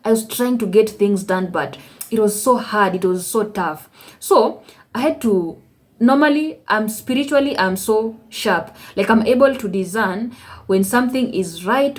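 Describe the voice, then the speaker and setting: Kenyan woman telling a faith story. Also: mid-range voice. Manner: animated, acts out her conversations with God. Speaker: vlogger. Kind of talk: personal testimony storytelling.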